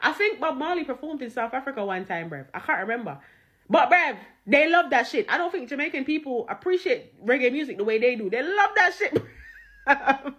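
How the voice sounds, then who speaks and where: High-voiced woman telling a story. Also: sing-song, brisk, fairly bright tone. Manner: slangy, swears, laughs through the story. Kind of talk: animated storytelling.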